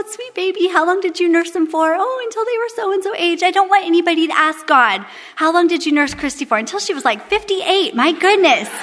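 A woman's voice: very high voice, fairly bright tone, long reverb tail. Candid, humorous woman preaching. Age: 30s. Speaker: women's Bible study speaker. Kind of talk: devotional sermon.

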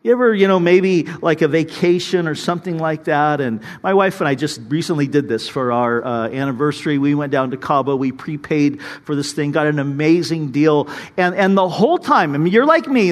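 High-voiced male pastor preaching in a hall. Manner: conversational preaching with many asides, swelling louder at high points. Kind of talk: sermon.

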